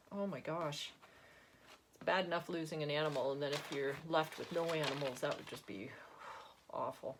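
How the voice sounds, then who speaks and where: A chatty, giggly woman author introducing and reading from her own novel. She talks in a slightly low voice, a bit sniffly from allergies, with plenty of fillers. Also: slight background noise. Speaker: author and host. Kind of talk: casual chat and book reading.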